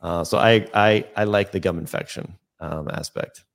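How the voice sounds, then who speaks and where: Low-voiced man chatting loosely. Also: steady tone, moderate pace, vocal fry. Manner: loose and conversational, with many fillers and restarts. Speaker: dental podcast co-host. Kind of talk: casual professional chat.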